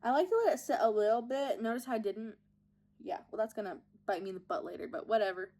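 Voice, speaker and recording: A woman's voice: fairly high pitch, fast, dark tone. A young woman, host of a podcast, chatting casually and giggling while she does her makeup at home and films on her phone. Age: young adult. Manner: chatty, giggly, self-mocking storytelling. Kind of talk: casual makeup vlog chat. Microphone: phone camera propped up.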